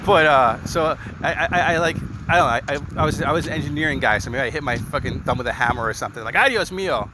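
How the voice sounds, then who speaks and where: A man's voice: on the high side, expressive, a little fast, background noise. A middle-aged man from Maine hosting a podcast in casual chat, laughing often at his own jokes. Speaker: podcast host.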